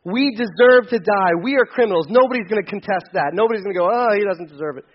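A remorseful male criminal speaks in an earnest, pleading voice, as a pastor acts him out. His raised voice sits high, and the recording sounds muffled. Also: quick pace.

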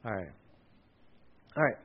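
Conversational male preacher, lo-fi sound. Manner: conversational, repeats words, quick asides. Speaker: pastor. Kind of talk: sermon with children's object lesson. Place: church stage. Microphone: handheld or headset mic.

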